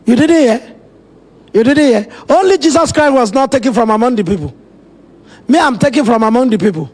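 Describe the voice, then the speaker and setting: A man's voice: very high voice, expressive, brisk, a little mellow. A man preaching a sermon as pastor, telling Bible stories with dramatic, emphatic asides.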